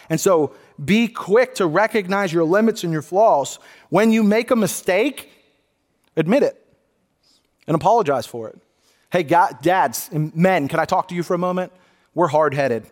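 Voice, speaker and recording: Earnest preaching man, slightly high voice. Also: big-room sound. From United States. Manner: earnest, conversational preaching with frequent restarts. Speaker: pastor. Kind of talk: sermon. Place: church sanctuary.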